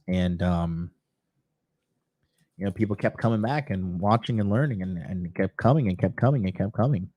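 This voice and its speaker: Host guy in his 30s rambling to his audience, low voice, dry close mic. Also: dry recording. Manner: loose, swearing, laughs at himself. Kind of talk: casual talk to viewers.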